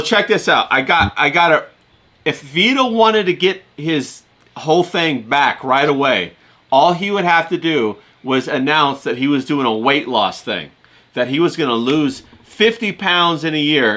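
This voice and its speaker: Animated man hosting; bright, emphatic, repeats himself. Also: on the high side. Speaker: stream host. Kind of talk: casual stream chat.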